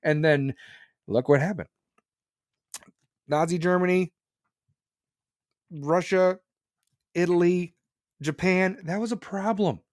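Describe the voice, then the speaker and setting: Give me a blunt, profane male podcast host ranting, with a slightly high voice. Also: slow, long pauses, dry recording, clean studio sound. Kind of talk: opinionated political rant.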